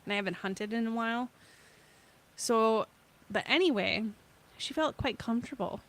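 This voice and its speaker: A woman's voice: on the high side, normal speed, a bit bright. A woman co-hosting a casual home podcast, telling rambling, chatty stories. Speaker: podcast co-host.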